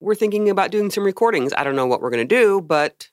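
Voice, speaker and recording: A podcast co-host chats casually, handing out announcements between wry, matter-of-fact jokes. The voice sits at a middle pitch. The recording is dry and close. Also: animated, fast, dry recording.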